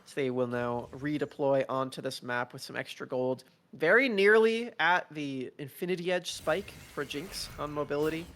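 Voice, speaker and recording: A man's voice: a little high, normal speed, few pauses, fairly bright tone, slight background noise. A man giving analytical color commentary on an esports match, chatty and light, often searching for words. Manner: chatty, laughing, fumbling for words.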